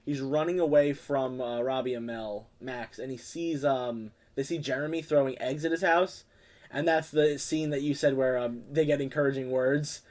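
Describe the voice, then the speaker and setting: A man's voice: medium pitch, steady tone, a little mellow. A young man co-hosting a casual podcast, retelling a film's plot in a rambling way with many fillers. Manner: rambling, lots of fillers and quick quoted impressions. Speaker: podcast co-host. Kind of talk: casual movie review chat.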